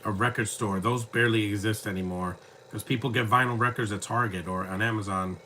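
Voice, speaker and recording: A man's voice: lowish voice, fairly even intonation, fairly quick, sharp tone, slight background noise. A man giving casual live commentary over a film, with rambling, joking asides. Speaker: movie commentator.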